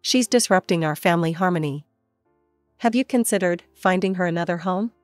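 A woman's voice: fairly low pitch, brisk, no echo, studio quality, soft background music, close to an everyday voice. A woman narrator voicing a stern, cold middle-aged stepfather in a story.

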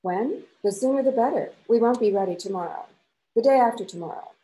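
A woman's voice: fairly high pitch, fairly quick, mellow, pitched above the performer's own voice, natural voice, poor audio. A woman reading aloud the part of a jealous, desperate young noblewoman, voice raised and accusing. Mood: heated, accusing.

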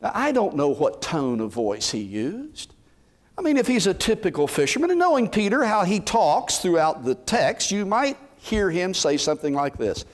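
Speaking in a high voice at a moderate pace, this pastor delivers an animated sermon. He voices the words Bible characters might have spoken.

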